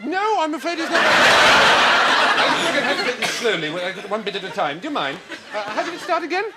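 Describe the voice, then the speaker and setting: An actor playing an unflappable Englishman, fussily polite and deadpan. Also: extremely high pitch, a little fast. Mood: prim politeness. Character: prim, polite upper-class Englishman, unflappable. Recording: loud studio audience, noisy broadcast.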